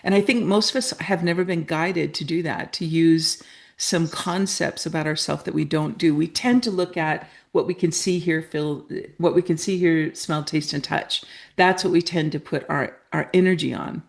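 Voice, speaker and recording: A woman's voice: deep voice, steady tone, moderate pace, gravelly. A middle-aged woman from Canada, a guest telling her story earnestly and acting out the dialogue she quotes. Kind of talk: storytelling interview talk.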